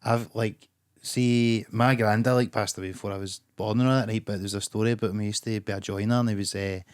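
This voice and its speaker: A Glaswegian man hosting a podcast, chatting casually and telling a quick, sweary story. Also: on the low side, steady tone, smooth. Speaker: podcast host.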